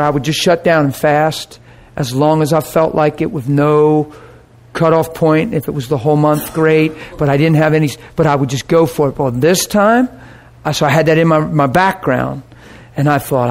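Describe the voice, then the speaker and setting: A man preaching, telling a personal story in an animated way and dropping to a soft voice for quoted words. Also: fairly high pitch. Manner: animated storyteller, acts out quoted voices, laughs and gets emotional. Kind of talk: sermon storytelling.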